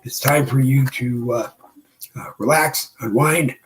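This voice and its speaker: A man hosting his own livestream show, talking casually and rambling with many pauses from his home studio desk. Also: mid-range voice, rough recording. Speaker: show host.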